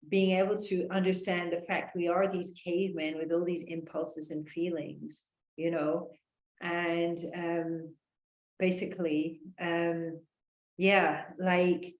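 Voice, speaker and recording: A woman's voice: flat delivery, slow pace, darkish tone. A woman talking casually, rambling, with frequent fillers, and acting out the voices she quotes. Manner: rambling, full of "you know" and "like" fillers; acts out quoted voices with raised pitch. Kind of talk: casual conversational talk. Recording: echoey room.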